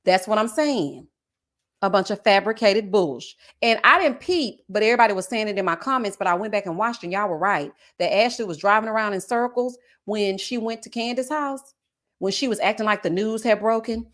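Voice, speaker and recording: Sassy, lively woman streamer. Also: mid-range voice, a little fast. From Texas. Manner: sassy, laughs often, puts on voices when quoting people. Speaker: YouTube commentator reading live chat. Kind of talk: casual live-stream commentary.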